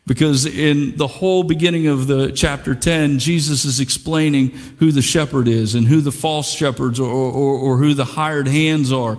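A man's voice: a little high, big-room sound. A man preaching a sermon in a conversational way, repeating words and restarting as he goes, and acting out the quotes. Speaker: pastor. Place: church sanctuary.

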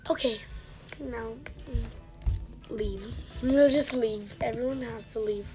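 A woman's voice: on the high side, slow pace, pauses often, darkish tone. A woman casually commenting on a game she plays, chatting along and scolding the characters on screen. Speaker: gaming channel host. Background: game music.

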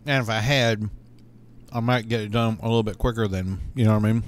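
A man's voice: fairly low pitch, fairly even intonation, brisk. A man giving casual, rambling commentary while playing a video game, thinking aloud with many fillers and restarts. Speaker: gaming YouTuber.

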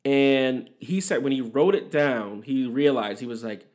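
A man's voice: medium pitch, a little slow, few pauses, a little mellow. A young man hosting a podcast, rambling through a casual solo monologue, swearing often and giving his opinions. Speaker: podcast host.

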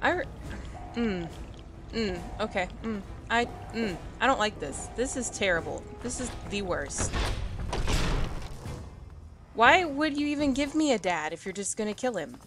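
A woman's voice: a little high, animated, measured pace, long pauses, over music. A young woman gamer giving emotional, ranting commentary while playing, upset and angry, talking back at the characters. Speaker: let's play gamer. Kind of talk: casual gameplay commentary.

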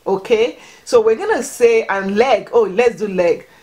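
With a somewhat high, darkish voice and a slightly slow pace, a woman vlogger teaches Yoruba words to children at home. She's patient and encouraging, prompting them and repeating every word.

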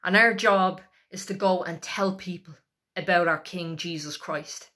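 A woman's voice: fairly low pitch, measured pace, pushed and bright. A woman preaching an exhorting sermon, emphatic and repetitive as she urges listeners on.

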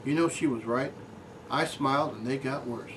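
Guy doing a deadpan fake lecture, talks to everyone like little kids, mic kinda far off with a bit of hiss. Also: mid-range voice, normal speed. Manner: deadpan, talks down to audience as children. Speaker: comic lecturer. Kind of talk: mock classroom lecture.

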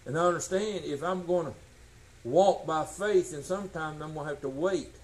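High-voiced older preacher, emphatic. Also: male voice, moderate pace, low-quality recording. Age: 60s. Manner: folksy, emphatic, swings from shouting to low tones. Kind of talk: sermon.

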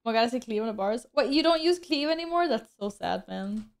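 A woman streams a game and chats casually with her viewers, joking at her own expense and laughing a lot. Her voice is fairly high, expressive, and fast.

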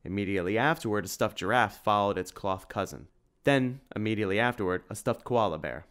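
Man, audiobook narrator, low voice, steady even reading. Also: a little fast, clean tone.

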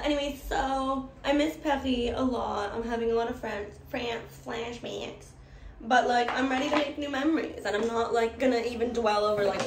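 A woman's voice: on the high side, a little mellow, a little hiss or hum. A woman chatting casually through her makeup routine, swearing a lot, laughing often and rambling. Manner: profane, giggly and rambling. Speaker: beauty vlogger. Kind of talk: casual get-ready-with-me chat. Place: indoors while doing makeup. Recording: roomy with faint ambience.

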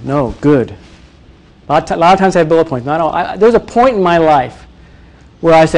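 A man teaching presentation skills to a live audience, energetic and demonstrative, often quizzing the room. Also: on the high side, fairly quick, long pauses. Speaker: presentation coach. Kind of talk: live workshop talk.

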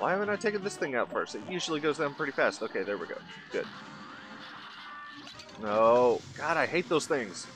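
A man commentating his own video game play, muttering and swearing, then yelling in frustration. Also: medium pitch, sing-song, normal speed, music in the background. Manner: swearing, exasperated, mutters under breath then yells in frustration. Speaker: gaming channel host.

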